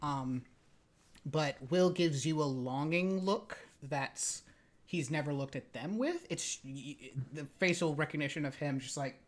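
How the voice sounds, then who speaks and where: A woman narrating as game master in a tabletop role-playing game, casual and halting. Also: low voice. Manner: casual, halting, with many fillers and apologies.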